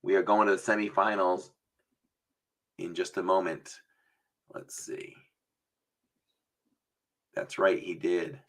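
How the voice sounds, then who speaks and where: A man's voice: sits low, steady tone, takes it slowly, pauses often. A man hosting a casual livestream chat, rambling and chatty, sometimes slipping into an announcer voice. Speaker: livestream host.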